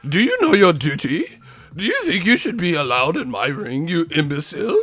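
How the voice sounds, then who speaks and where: A man mocking a snooty rich heavyweight boxer in a pompous, drawn-out voice. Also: huge pitch swings, a bit bright, husky, no echo, heavily acted. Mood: haughty. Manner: pompous, drawn-out, shrill outbursts. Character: snooty rich British heavyweight, haughty, scornful.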